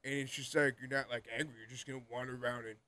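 A man's voice: medium pitch, little pitch movement, rapid-fire, bright, forceful tone. A young man co-hosting a podcast, chatting casually and rambling with lots of "like" and frequent laughter. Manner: rambling, laughs often, heavy use of "like". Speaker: podcast co-host. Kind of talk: casual chat.

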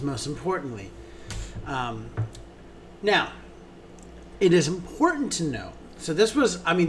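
Brief: male theater podcast co-host, slightly high voice, effusive and chatty, faint background hiss. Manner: gushing, enthusiastic, with many ums. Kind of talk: casual theater review chat.

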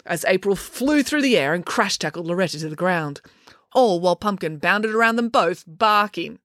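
A woman reading a children's chapter book aloud as a storyteller, with an expressive, animated delivery. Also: lowish voice, moderate pace, no room sound, clean studio sound.

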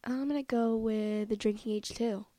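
A woman's voice: fairly high pitch, fairly even intonation, normal speed, mellow, no echo, studio quality. A woman co-hosting a casual podcast, answering trivia with playful, blunt quips. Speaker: podcast co-host. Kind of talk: casual chat.

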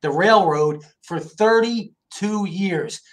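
A middle-aged man from the Philadelphia area, a guest in an interview, telling family stories in a lively, casual way and often checking in with "right?". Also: high voice, takes it slowly. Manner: animated storyteller, asks "right?" often. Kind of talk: casual storytelling.

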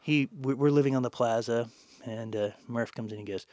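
A man's voice: medium pitch, a little fast, a little mellow, no echo. Older man, casual podcast storyteller, laughs a lot, salty language, dry close sound. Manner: rambling, laughs often, swears freely. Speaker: podcast guest, bookstore owner.

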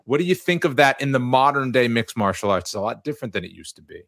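A man hosting a podcast, asking questions in a relaxed, conversational way. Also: medium pitch, fast talker, no room sound. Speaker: podcast host, interviewer. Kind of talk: casual podcast interview.

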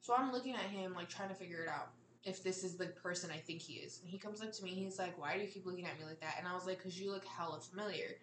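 A woman's voice: fairly low pitch, fast, roomy sound, distant mic, a little hiss or hum. A young adult woman telling candid, profane stories in casual chat, often laughing. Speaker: podcast co-host.

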